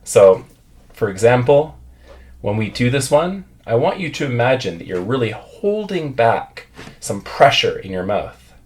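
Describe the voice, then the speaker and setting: A man's voice: medium pitch, sing-song, a little slow, a little hiss or hum. A man teaching English pronunciation, patiently drilling words and having learners repeat after him.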